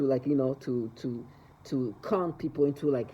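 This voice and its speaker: A man's voice: mid-range voice, moderate pace, mellow, husky, dull audio. A man talking to camera in a rambling, agitated monologue, repeating himself and stumbling over restarts.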